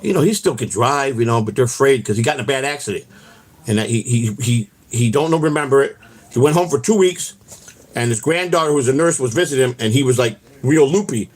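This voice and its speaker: A man's voice: mid-range voice, expressive, quick pace. A man hosting his own vlog, telling rambling, profane stories outdoors on a walk and tagging his sentences with "man". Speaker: vlog host. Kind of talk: rambling casual storytelling while out walking.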